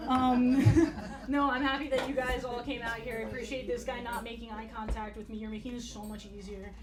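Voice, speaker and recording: A woman doing a stand-up comedy set with a dry, blunt, profane deadpan delivery. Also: on the high side, a little fast, over a noisy crowd. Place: comedy club stage. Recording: roomy club sound from far off. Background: audience laughter.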